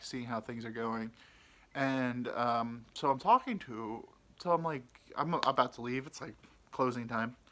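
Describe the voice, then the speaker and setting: A young man rambles through a crude bar story on his podcast, mocking himself as he goes. His voice is bright and forceful, and he keeps stopping for ums and uhs. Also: mid-range voice. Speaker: podcast host. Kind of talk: casual storytelling.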